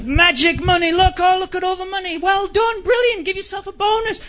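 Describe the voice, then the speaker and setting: A man's voice: very high-pitched, fairly quick, music in the background, pitched above the performer's own voice. A comedian voicing a giddy, greedy male banker who squeals with delight over piles of money, on a dull lo-fi live recording. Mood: gleeful.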